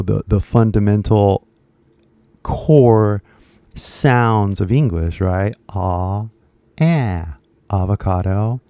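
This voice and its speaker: A man's voice: on the low side, creaky, warm tone, clean tone, no room sound, muffled recording. A young American man, a YouTuber teaching English, talking in a loose, chatty way full of "like" and "right?". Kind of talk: casual rambling lesson to camera.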